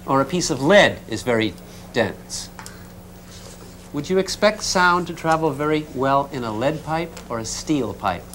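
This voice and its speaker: Animated man teaching a physics class. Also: mid-range voice, a little hiss or hum. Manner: lively, conversational, checks in with students. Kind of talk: classroom lecture.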